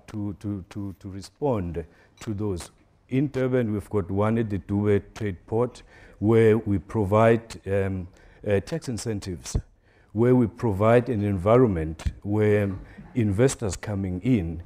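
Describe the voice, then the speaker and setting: A man from a business chamber answering on a panel in a measured way, with many fillers. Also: lowish voice, warm tone. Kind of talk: panel discussion.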